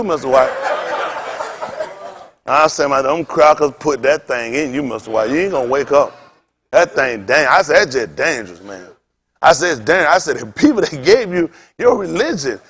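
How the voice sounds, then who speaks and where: A man's voice: a little high, sing-song, fairly quick, husky. A male pastor preaching in a storytelling style, acting out the voices of people in his stories and laughing often. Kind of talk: sermon with storytelling.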